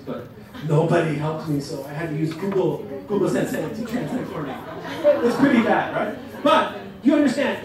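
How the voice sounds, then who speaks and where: Upbeat guy teaching a workshop, higher voice, jokes around, far off mic in a big echoey room with noise. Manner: lively, joking, demonstrative. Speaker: workshop presenter. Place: lecture room. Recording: echoey hall from a distance, noisy.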